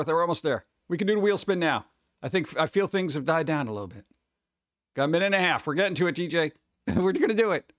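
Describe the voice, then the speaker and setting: A man's voice: on the high side, fairly bright tone, no room sound. A man chatting casually on a live stream, rambling and joking as he reads chat aloud.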